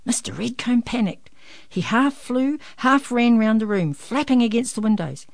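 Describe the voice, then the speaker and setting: A woman reading a children's picture book aloud in an expressive, lively storytelling manner. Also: on the high side, normal speed, creaky, no echo.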